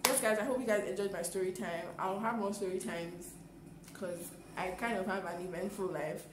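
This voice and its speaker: A young woman, telling a storytime in an animated, exclaiming way with acted-out quotes. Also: medium pitch, moderate pace, roomy sound, noisy background. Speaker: vlogger. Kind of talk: storytime vlog.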